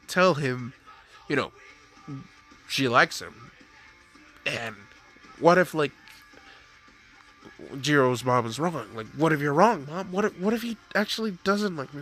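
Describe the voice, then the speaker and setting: Young guy rambling thru a fan story, kinda high bright voice. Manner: rambling, full of "you know" and "like". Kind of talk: improvised story narration.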